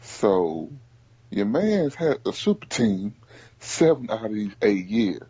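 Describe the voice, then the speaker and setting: Animated man talking sports, lively pitch. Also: slightly rough, no room sound, highs cut off. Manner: animated, repeats himself, rapid bursts. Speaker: podcast host. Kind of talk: casual sports chat.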